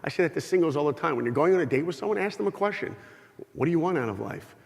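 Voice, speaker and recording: A man's voice: fairly high pitch, very fast, gravelly. A middle-aged man giving a humorous, storytelling talk to a live audience, acting out bits of dialogue as he goes. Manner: animated, humorous, acts out dialogue. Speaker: speaker giving an inspirational talk. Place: large hall with an audience. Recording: long hall reverb.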